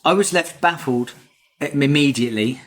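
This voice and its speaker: A man's voice: mid-range voice, moderate pace. A man co-hosting a casual film review podcast, jokey and ranting with mock outrage. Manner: jokey, ranting, puts on silly voices. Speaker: podcast co-host.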